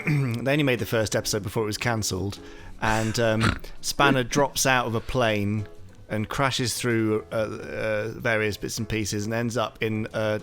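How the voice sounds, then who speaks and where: A man talking as a podcast guest, thoughtful and hesitant with many pauses and fillers. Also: fairly low pitch, fairly bright tone. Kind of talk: casual podcast talk.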